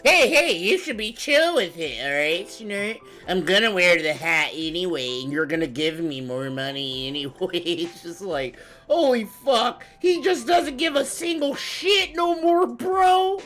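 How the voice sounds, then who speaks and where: A woman's voice: fairly low pitch, expressive, unhurried, few pauses, a bit bright, soft background music. A woman streaming a live reaction, laughing constantly and riffing in profane slang. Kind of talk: casual live reaction commentary.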